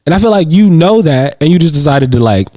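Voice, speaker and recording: A man in his thirties co-hosting a podcast, telling a story in a slangy, animated way and repeating words as he gets worked up. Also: on the high side, quick pace, no echo, studio quality. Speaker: podcast co-host. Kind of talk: casual storytelling chat. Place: indoors on a couch.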